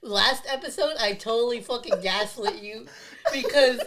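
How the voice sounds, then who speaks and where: A woman's voice: lowish voice, expressive, a little fast, a bit bright, a little hiss or hum. A woman co-hosts a casual podcast, talking in loose, rambling bursts full of swearing. She laughs easily and restarts her sentences as she goes. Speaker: podcast co-host. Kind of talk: casual chat.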